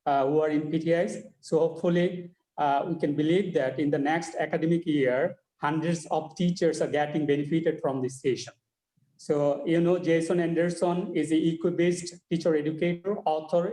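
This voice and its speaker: A man hosting a webinar, introducing the speaker formally with many pauses and fillers. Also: fairly high pitch, dark tone, echoey room, rough recording. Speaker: webinar host. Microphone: video call.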